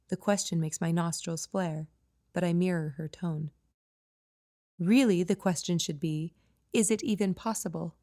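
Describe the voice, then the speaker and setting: A woman reading her own novel aloud as a first-person audiobook narrator, plain and even. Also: fairly low pitch. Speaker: author and narrator.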